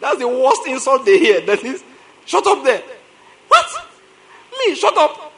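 Speaking at a moderate pace, this Nigerian-accented pastor delivers an energetic sermon in a notably high-pitched voice. His animated storytelling leans on repetition for emphasis and is punctuated by frequent laughter.

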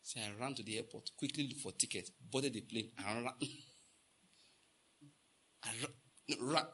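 A man's voice: mid-range voice, unhurried, sharp tone, husky. A Nigerian man preaching a sermon, telling stories and acting out the dialogue, repeating lines for emphasis and asking the congregation questions. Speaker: pastor.

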